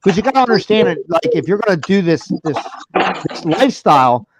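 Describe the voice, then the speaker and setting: Brief: male podcast host, high animated voice, dry close mic, profane storyteller. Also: a little fast, noisy background. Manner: animated storyteller, swears a lot, laughs often. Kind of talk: casual banter.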